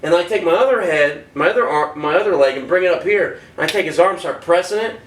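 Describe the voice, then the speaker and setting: A man, a former prisoner and podcast guest, telling stories casually, swearing often and loudly acting out the voices he quotes. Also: sits high, quick pace, slight background noise. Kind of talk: casual storytelling. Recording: roomy, distant mic, faint ambience.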